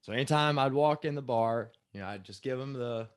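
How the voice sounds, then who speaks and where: A relaxed man of middle pitch tells a story with dry humor, slipping into quick quoted voices. The sound is close and dry, with no room around it. He talks like a guest at ease with the hosts. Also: smooth, no room sound. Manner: laid-back, wry storyteller, acts out quotes. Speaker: former pro quarterback, guest. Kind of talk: casual storytelling interview.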